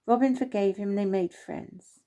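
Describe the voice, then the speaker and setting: Mellow woman reading a story. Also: medium pitch. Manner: gentle, unhurried, with small slips. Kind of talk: reading her own children's story aloud.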